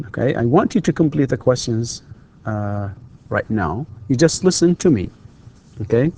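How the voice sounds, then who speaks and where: A man's voice: medium pitch, lively intonation, moderate pace, mellow, husky. A man lecturing university students on English, repeating drill questions and hesitating with many fillers. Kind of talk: recorded classroom lecture.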